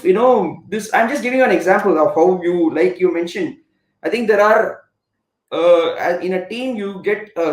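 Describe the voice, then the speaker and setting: A middle-aged man with an Indian English accent, a former cricketer telling stories as a guest in a live online interview, rambling with many fillers and restarts. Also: sits high. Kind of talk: conversational storytelling on a live web interview. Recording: roomy echo.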